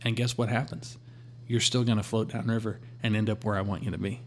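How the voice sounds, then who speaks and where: A man sharing a personal faith testimony in a relaxed conversational way, acting out his talks with God. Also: on the low side, brisk. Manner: storytelling, quotes God in a calm voice.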